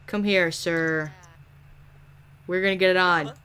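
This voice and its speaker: A woman's voice: lowish voice, steady tone, takes it slowly, a bit bright, clean tone. A woman giving casual gameplay commentary, sarcastic and profane, ordering game characters around and muttering asides. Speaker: gaming YouTuber.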